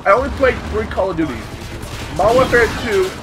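High, lively young man gaming. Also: brisk. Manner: excitable, swears a lot, yelps at hits. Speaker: gaming YouTuber. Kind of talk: casual gameplay commentary. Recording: game noise under the voice.

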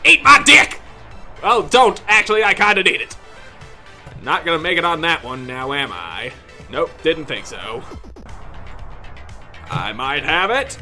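A man commentating his own gameplay, yelling and cursing at the game in frustration, with mock-pompous outbursts. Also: a little high, lively intonation, unhurried, long pauses, soft background music.

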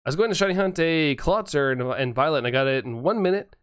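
A man's voice: a little high, animated, fast talker, clean tone. A man live-streaming a game, chatting casually, reading viewer messages aloud and chuckling often. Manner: laid-back, chuckles often, greets chatters by name.

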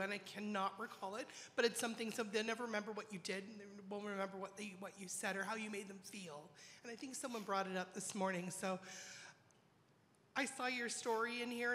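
A woman in the audience of a live panel shares a heartfelt comment, earnest and rambling as she searches for words. Her voice sits a little high. The sound carries the long echo of a conference hall over faint background noise. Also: fairly bright tone. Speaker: audience member, a nurse.

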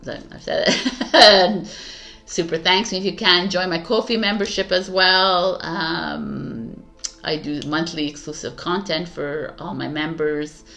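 A woman's voice: fairly low pitch, measured pace, creaky, bright, forceful tone. A woman tarot reader talking casually to her viewers, affectionate, laughing often and repeating herself. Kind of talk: casual spiritual talk to viewers.

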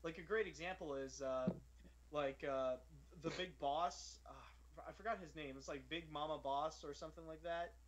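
A man's voice: a little high, steady tone, moderate pace, muffled recording, background noise. A man hosting a podcast, chatting casually about films in a rambling, enthusiastic way full of fillers. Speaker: podcast host. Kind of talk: casual film discussion.

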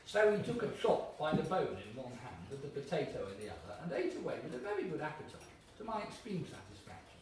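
A man giving a live reading at an evening event in a gallery, animated and stopping for fillers and restarts as he explains. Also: fairly high pitch, fairly quick. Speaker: reader. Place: gallery room. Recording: echoey room, mic at a distance, faint noise.

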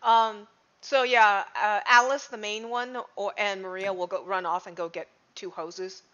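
A woman's voice: mid-range voice, fairly even intonation, unhurried, pushed and bright, muffled recording. A woman playing in a tabletop game, talking casually and hesitantly with many fillers. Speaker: player.

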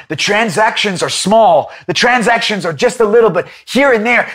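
A man preaching an impassioned Bible-study sermon, rising at times to a shout. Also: high-pitched, expressive, normal speed, few pauses.

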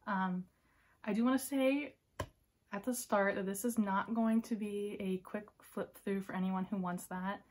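A woman's voice: medium pitch, fairly even intonation, a little slow. Woman, giddy unboxing vlogger, gushing, slips into whispers, faint background hiss. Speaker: K-pop fan vlogger. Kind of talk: excited unboxing vlog.

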